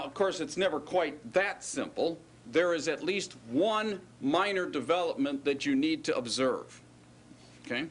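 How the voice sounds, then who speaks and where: A man's voice: on the high side, a little hiss or hum. A man teaching Hebrew grammar in a classroom lecture, conversational and often checking in with his students. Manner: conversational, checks in with frequent "right?" and "okay?".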